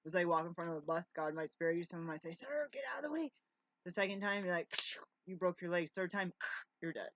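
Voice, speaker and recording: A woman's voice: lowish voice, little pitch movement, quick pace, no echo. A middle-aged woman talking to camera at home in a casual, rambling monologue, jumping between tangents and restarting her words. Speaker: vlogger. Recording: dry, slightly dull lo-fi sound.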